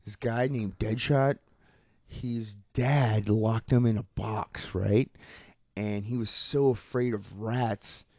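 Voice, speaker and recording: A man co-hosting a casual pop-culture podcast, swearing freely and laughing as he excitedly retells scenes. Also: on the low side, slow pace, no room sound. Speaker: podcast co-host.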